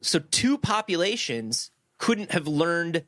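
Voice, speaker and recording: Jokey podcast guy, kinda high voice, dry close mic, riffs and does little voices. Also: sing-song, slow, a bit bright, no echo. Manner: playful, jokey, acts out quotes. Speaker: podcast co-host. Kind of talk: casual comedic chat.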